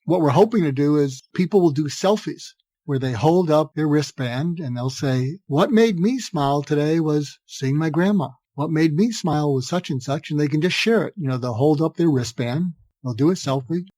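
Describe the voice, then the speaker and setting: An older man tells stories as a guest on a podcast and acts out the voices of the people in them. His voice sits a little high for a man. The recording is dry and close, with no room sound. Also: moderate pace, no echo. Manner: animated anecdotes, acting out quoted dialogue. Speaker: guest, psychiatrist. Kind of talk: podcast interview storytelling.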